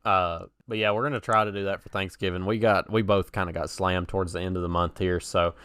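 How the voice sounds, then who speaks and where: Young male podcast co-host, low-ish smooth voice, dry close mic, chatty storyteller. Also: steady tone, a little fast, fairly bright tone, no echo. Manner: chatty storyteller, laughs at own stories. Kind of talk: casual podcast chat.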